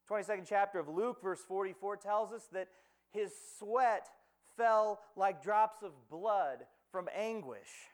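A man with a notably high voice delivers a sermon, retelling a scripture story with dramatic pauses. He asks rhetorical questions and acts out quoted lines along the way. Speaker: preacher.

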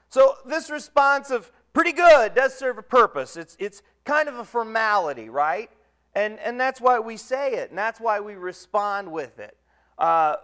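This sermon comes from a man with a smooth, resonant, fairly high-pitched voice who keeps it loose and conversational. He jokes at his own expense in a folksy manner and fills his pauses with plenty of ums and uhs.

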